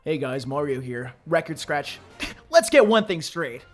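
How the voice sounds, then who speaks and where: A man's voice: a little high, big pitch swings, measured pace, soft background music. A man voicing a cheery male plumber hero who greets people as if starting a party, using his own plain voice. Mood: cocky. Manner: plain everyday voice, bouncy greeting.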